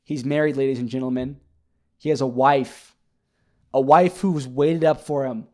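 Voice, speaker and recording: A man talking casually on his own, retelling a TV episode in a rambling, animated way with many fillers and restarts. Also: medium pitch, normal speed. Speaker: podcast host. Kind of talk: casual solo recap chat.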